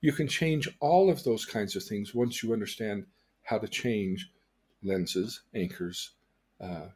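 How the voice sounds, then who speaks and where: An older man, a change coach, teaching through lively personal stories and acting out the people in them. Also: on the low side, takes it slowly, slightly rough. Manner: animated storyteller who acts out quoted dialogue. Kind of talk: storytelling lesson on a podcast.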